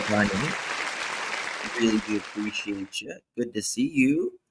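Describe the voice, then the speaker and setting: Slow, low-voiced man hosting a live stream. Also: crowd noise, background noise. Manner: warm, effusive thanks to chat members. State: tired. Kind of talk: casual live stream chat, greeting viewers. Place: indoors at home. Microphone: laptop camera mic.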